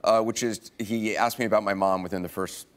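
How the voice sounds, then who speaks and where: A man's voice: fairly low pitch, fairly even intonation, brisk. A middle-aged man, a guest on a late-night talk show, telling funny stories in a dry, wry way.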